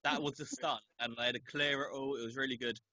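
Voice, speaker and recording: A man co-hosting a podcast in casual chat, making dry, deadpan jokes. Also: mid-range voice, fast talker, no echo. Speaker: podcast co-host. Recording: dry, dull lo-fi sound.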